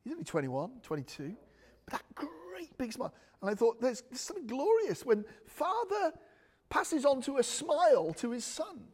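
Guy preaching, high voice, jokey rambly asides. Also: big pitch swings, moderate pace, breathy edge. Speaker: pastor. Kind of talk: sermon.

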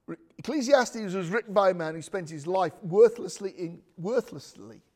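Guy preaching, high voice, jokey rambly asides. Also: lively intonation, normal speed, a little mellow. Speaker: pastor. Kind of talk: sermon.

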